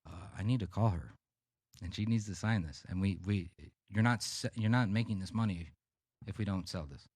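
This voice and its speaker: Low-voiced man telling rambling stories. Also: moderate pace, slightly rough, dry recording, studio quality. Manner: rambling, profane, animated anecdotes. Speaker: podcast co-host. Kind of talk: casual storytelling chat.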